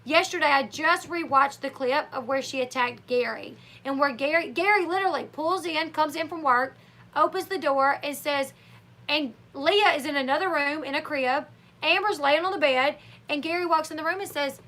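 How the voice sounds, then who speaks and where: Bright-voiced chatty woman with a twang. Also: sits high, moderate pace. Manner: chatty, opinionated, acts out quotes in animated voices. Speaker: livestream host. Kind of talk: casual live chat commentary.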